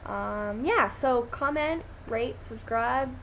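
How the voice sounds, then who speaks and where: A teen girl speaks slowly in a casual storytelling vlog, her chatty, rambling account full of ums, restarts, and excited high-pitched quoted voices. The audio is poor, with a little background noise.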